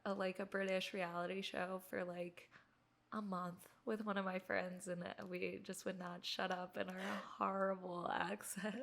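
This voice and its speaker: A woman's voice: lowish voice, measured pace, gravelly. Chatty young woman telling a story. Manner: animated, laughs often, many "like"s. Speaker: podcast guest. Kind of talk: casual storytelling.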